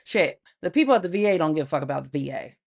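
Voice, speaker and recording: Gravelly, blunt woman streamer. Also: low voice, animated, very fast, a little mellow. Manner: blunt and profane, laughing often, talking to viewers and her pet. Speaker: livestream host. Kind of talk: casual livestream chat.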